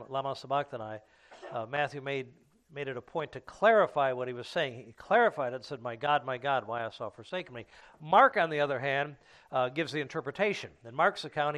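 A man preaching a sermon, teaching from scripture in an unhurried way with frequent fillers and restarts. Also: medium pitch, fairly bright tone.

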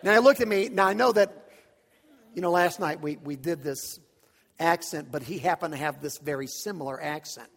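A man preaching a storytelling sermon, animated and dramatic, swinging from hushed asides to shouts. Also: a little high, normal speed. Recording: long reverb of a large hall.

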